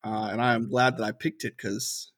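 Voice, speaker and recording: A man's voice: mid-range voice, flat delivery, moderate pace, fairly bright tone. A young man co-hosting a casual movie podcast, easygoing and hesitant, with many fillers. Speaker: podcast co-host.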